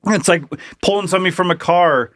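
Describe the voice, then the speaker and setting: A male podcast co-host tells stories casually, getting animated and swearing now and then. His voice is a little high, and the sound is close and dry. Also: fast talker, no room sound. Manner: animated, profane storytelling. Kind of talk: casual chat.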